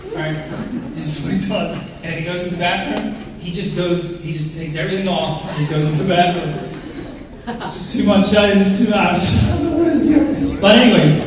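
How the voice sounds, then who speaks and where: A man giving a lively talk to an audience, telling stories and laughing often at his own jokes. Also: on the high side. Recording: echoey hall, voice from far off, noisy.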